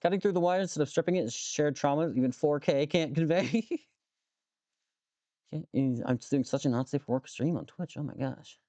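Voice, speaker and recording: A man live streams while working with his hands, muttering to himself, swearing freely and joking with his chat in a casual way. His voice is a little high and warm, his pace is moderate, and there's no room sound.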